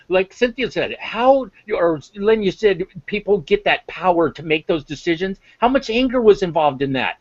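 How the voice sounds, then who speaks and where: A man's voice: high voice, very animated, normal speed, few pauses, dry recording, muffled recording. Impassioned man, emphatic and repetitive. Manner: impassioned, emphatic, repeats words for stress. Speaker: guest, emotional intelligence instructor. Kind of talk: interview talk.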